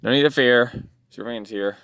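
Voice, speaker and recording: A man voicing a heroic male superhero who speaks in a steady, formal, reassuring way in a lowered voice. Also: moderate pace, clean tone, dry recording, clean studio sound, close to an everyday voice.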